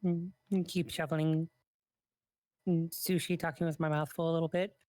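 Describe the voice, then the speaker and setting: A woman talks in character in a live role-play, reassuring and easygoing, now and then narrating what her character is doing. Her voice sits a little low, and it is recorded close and dry with no room sound. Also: little pitch movement, moderate pace, warm tone, dry recording.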